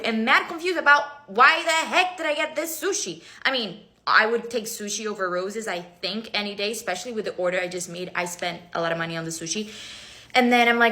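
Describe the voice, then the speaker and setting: A woman telling a personal story to camera in a lively way, acting out both sides of a phone call. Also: medium pitch, quick pace. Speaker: social media creator.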